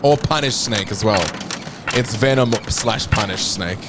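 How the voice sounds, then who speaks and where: A man's voice: fairly low pitch, measured pace. A man streaming a video game, chatting casually with crude jokes and plenty of swearing. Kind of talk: casual live-stream chat. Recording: clear background noise.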